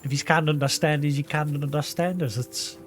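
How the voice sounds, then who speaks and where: A man's voice: a little high, fairly even intonation, moderate pace, soft background music. A man with a Geordie accent chatting loosely on a live gaming stream, rambling with lots of "like" fillers and poking fun at himself. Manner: rambling and self-deprecating, with frequent "like" fillers. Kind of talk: casual live-stream chat while gaming.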